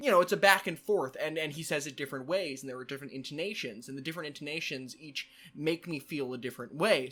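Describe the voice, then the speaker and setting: A man chatting to his camera in a loose vlog style. His voice is bright and forward and sits a little high for a man. He keeps it playful, with quick asides and bursts of repeated phrases. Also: lively intonation. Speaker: vlogger. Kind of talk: casual vlog monologue.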